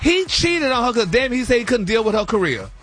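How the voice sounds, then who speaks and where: A man with a high, bright, sharp-edged voice gives the celebrity gossip segment on a morning radio show. He talks in a chatty, emphatic way and keeps throwing in "y'all" and "honey". A little music plays faintly behind him. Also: very animated, a little fast. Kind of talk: casual gossip commentary.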